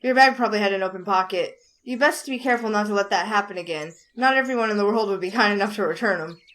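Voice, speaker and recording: A woman's voice: mid-range voice, quick pace, a bit bright, close to an everyday voice. A woman voicing a polite, touchy young Southern man with an Alabama drawl, read from a visual novel. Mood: composed. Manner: formal, drawling, defensive. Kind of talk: reading a visual novel aloud.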